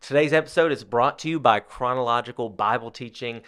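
A man's voice: medium pitch, brisk, a bit bright, slight background noise. A man co-hosting a Bible teaching podcast, explaining casually and peppering his speech with "like". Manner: casual explaining with many "like" fillers. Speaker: podcast co-host.

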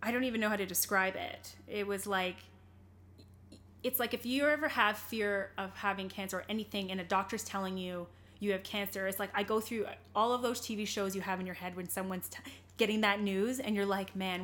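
A woman's voice: mid-range voice, steady tone, fairly quick, fairly bright tone. A young adult woman, an interview guest, telling a personal story candidly in conversation, earnest and rambling, with many fillers and restarts.

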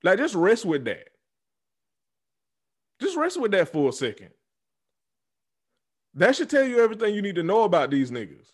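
A man in his twenties speaking in a casual political rant, blunt and profane, dropping to low mutters and jumping to loud laughing outbursts. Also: wildly swooping pitch, moderate pace, pauses often. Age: 20s. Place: southern United States.

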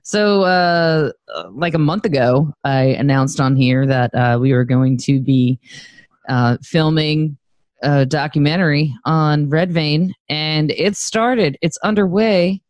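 A woman's voice: low-pitched, measured pace, darkish tone, no room sound. A woman co-hosting a podcast in casual chat, rambling and chatty as she promotes her project. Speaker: podcast co-host.

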